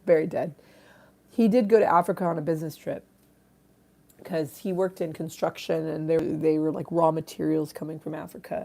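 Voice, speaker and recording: This is a woman on a casual live stream, chatting to her viewers while she eats and sips a drink. Her voice sits low with a gravelly edge. She swears freely and pokes fun at herself in a loose, irreverent way. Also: mellow.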